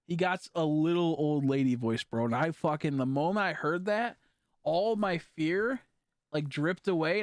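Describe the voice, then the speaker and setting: A man streaming a game, telling a long story in a rambling, profane way full of fillers, swinging between hushed and loud. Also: on the high side, dry recording, studio quality. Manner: animated, jumping from hushed to loud. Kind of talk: casual storytelling while gaming.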